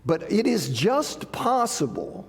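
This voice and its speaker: Male Bible teacher, high and gravelly, chatty and emphatic, recorded in a reverberant church hall. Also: huge pitch swings, slow. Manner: conversational, checks in with 'okay', reads scripture quotes with rising emphasis. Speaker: preacher teaching a Bible class. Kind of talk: sermon-style Bible teaching.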